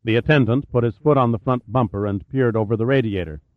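A man narrating a thriller audiobook in a steady, measured reading voice. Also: mid-range voice, dry recording, phone-quality sound.

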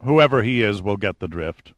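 A man's voice: lowish voice, expressive, normal speed, dry recording, close to an everyday voice. A man voicing a cocky, unflappable boat captain in an audiobook, teasing and confident. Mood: cavalier. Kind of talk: audiobook character voice.

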